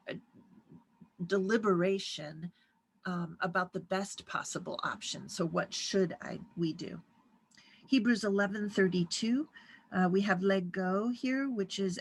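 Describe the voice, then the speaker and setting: A woman giving a recorded grammar lecture, explaining step by step and slowing down to read out Greek phrases. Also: medium pitch, slight background noise, poor audio. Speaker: Greek teacher.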